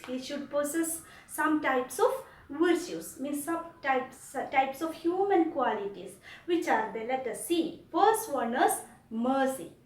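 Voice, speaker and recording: Woman teacher from india, high voice, slow deliberate pace, repeats for kids, echoey room, off mic. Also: distant mic. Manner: repeats and explains slowly to children. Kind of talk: online class lesson.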